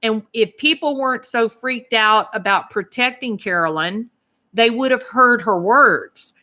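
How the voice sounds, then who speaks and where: A woman with a Southern accent hosts a casual livestream and talks straight to her commenters. She is emphatic and indignant. Her voice is bright and forceful, and her pitch sits in the middle. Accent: Southern American. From American South. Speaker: YouTube channel host reading live chat.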